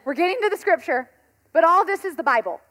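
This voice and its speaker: A woman in her thirties, a pastor giving a conversational sermon, telling stories in an animated way and laughing often. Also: very high voice, quick pace.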